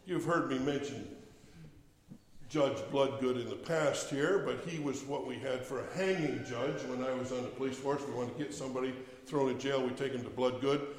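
A man's voice: mid-range voice, normal speed, big-room sound. A man preaching a sermon, telling a funny story with playful swings in his voice.

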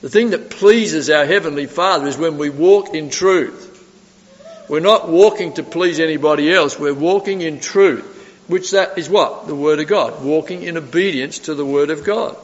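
A man delivers a sermon in a fairly high voice, firing rhetorical questions at his listeners and swinging from forceful emphasis to quiet asides. His voice rings with a long reverb from a church hall. The recording sounds dull and lo-fi. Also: moderate pace. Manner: asks the audience rhetorical questions, swings between loud emphasis and soft asides. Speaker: preacher.

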